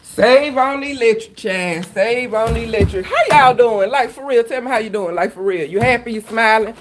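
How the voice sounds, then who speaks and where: A woman talks to her live-stream viewers in an easy, chatty way. Her speech is folksy and full of Southern slang. She sounds relaxed and conversational. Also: a little high, moderate pace, a little hiss or hum. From Louisiana. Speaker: cooking channel host.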